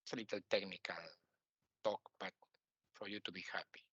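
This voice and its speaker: A man lecturing as a teacher in halting, non-native English, with many fillers and restarts and quiet muttered asides. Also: sits low, little pitch movement, husky, no room sound, muffled recording. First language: Spanish. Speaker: teacher and author. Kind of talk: lecture on scripture.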